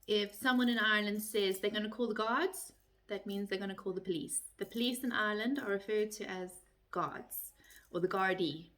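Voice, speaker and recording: A middle-aged woman with a South African accent talks casually to her camera. Her voice is bright and forward. She keeps things light-hearted and jumps her pitch up when she mimics a phrase. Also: normal speed. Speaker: vlogger.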